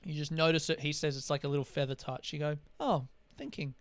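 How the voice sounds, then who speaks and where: A man's voice: fairly high pitch, level tone, fast, clean tone, no echo. A young man, a comedian hosting his own podcast, talking in a rambling, candid way with lots of swearing. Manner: rambling, candid, swears freely, mimics voices for comic effect. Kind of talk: casual solo podcast monologue.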